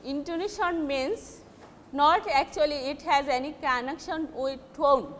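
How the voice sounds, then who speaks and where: A woman teaching a recorded lesson in a high, slow, careful voice, often restarting or correcting herself mid-sentence. The recording has a long echo, like a large hall, with faint background noise. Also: a bit bright. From Bangladesh.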